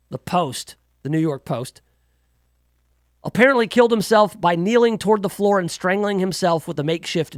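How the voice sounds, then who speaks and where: A man runs his talk radio monologue in a fairly high voice, rambling and sarcastic, tossing jokey asides into the news. The sound is dry and close, with no room around it. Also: dry recording. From United States. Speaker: radio talk show host. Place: radio studio.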